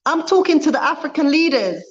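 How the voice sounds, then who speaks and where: A high-pitched, sing-song woman's voice comes through dull audio, going a little fast. She's a vlogger speaking passionately on a livestream, repeating points for emphasis. She also reads viewer comments aloud.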